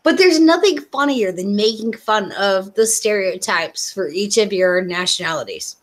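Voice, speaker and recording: A woman's voice: mid-range voice, expressive, normal speed. A woman co-hosting a casual podcast, teasing and stumbling over her words.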